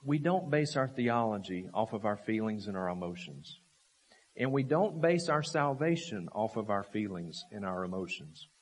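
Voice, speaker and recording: A man preaching a sermon, emphatic and full of rhetorical questions, repeating key phrases and swinging from raised, forceful lines to low, quiet ones. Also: lively intonation, moderate pace, husky.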